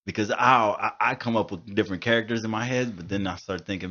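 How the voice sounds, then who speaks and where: A man's voice: lowish voice, quick pace, hardly any pauses, pushed and bright, dull audio. A man hosting a podcast in a studio, chatting casually and telling stories in a loose, profane way. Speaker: podcast host. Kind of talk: casual chat.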